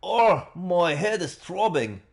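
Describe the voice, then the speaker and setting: A man doing a high, panicky young man. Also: very animated, takes it slowly, heavily acted. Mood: alarmed. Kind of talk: dubbing a game live.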